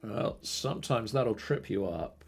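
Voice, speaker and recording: A man's voice: on the low side, lively intonation, measured pace, creaky, breathy edge, faint music behind. A man hosting a live quiz night in an easygoing way, reading each question out twice and laughing along with the players. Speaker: quiz host.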